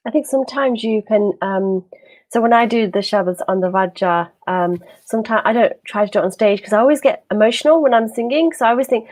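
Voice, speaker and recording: A woman's voice: a little high, fast talker, a little mellow. British female co-host, thoughtful and hesitant, easy conversational tone. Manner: reflective, hesitant, with frequent "um" and "like". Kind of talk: casual chat.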